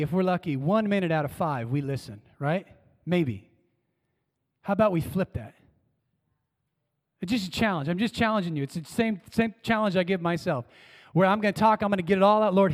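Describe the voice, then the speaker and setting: High-voiced pastor in an echoing church. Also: male voice. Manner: dynamic, swinging from emphatic calls to hushed words; call-and-response with the congregation. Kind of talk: sermon. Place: church sanctuary. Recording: long church-hall reverb.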